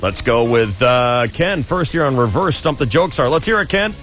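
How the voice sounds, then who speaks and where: A man's voice: medium pitch, lively intonation, moderate pace, a bit bright, faint music behind. A man hosting a radio joke contest, bantering and laughing while he tells jokes. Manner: jokey, laughs often, tells punchlines. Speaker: radio show host.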